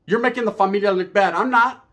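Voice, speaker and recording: Brief: man ranting on his channel, cussing and confrontational, slightly higher voice. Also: quick pace, a bit bright. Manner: profane, confrontational, swaggering. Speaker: YouTuber. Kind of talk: ranting monologue to camera.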